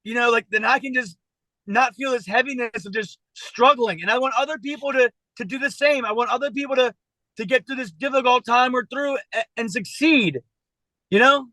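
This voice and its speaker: A man on a video call, speaking earnestly and haltingly about his struggles, emotional and close to tears. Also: very high voice, pushed and bright, dry recording, rough recording. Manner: earnest, halting, many restarts. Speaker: citizen journalist being coached. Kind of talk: emotional personal talk on a coaching call.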